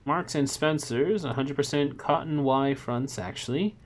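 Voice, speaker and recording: A man's voice: fairly high pitch, measured pace, voice pushed up, close to an everyday voice. A man reading a story aloud and voicing a nervous, put-upon young man who talks plaintively.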